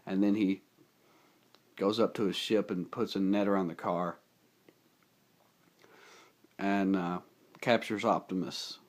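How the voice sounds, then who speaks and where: A man casually recapping a movie plot, rambling and excitable, his voice a bit rough from feeling unwell. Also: sits low, a little slow, long pauses. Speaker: movie reviewer. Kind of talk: casual spoken film recap.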